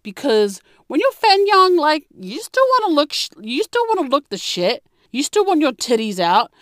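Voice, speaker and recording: A young woman, ranting and telling stories in a brash, profane way, with sudden high-pitched outbursts. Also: very animated, normal speed, a bit bright, dry recording, clean studio sound. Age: young adult. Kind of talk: profane storytelling rant to camera.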